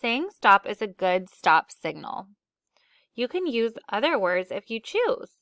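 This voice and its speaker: A woman's voice: mid-range voice, fairly bright tone, clean tone, dry recording, studio quality. A woman teacher leading a classroom lesson for children, upbeat and acting out example phrases.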